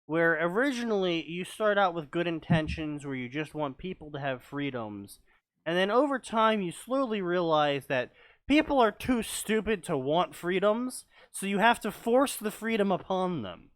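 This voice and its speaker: Animated, swearing podcast reader. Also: male voice, high-pitched, normal speed, no room sound. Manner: animated, profane, sarcastic reading. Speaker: podcast co-host reading fanfiction aloud. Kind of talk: casual podcast chat and read-aloud.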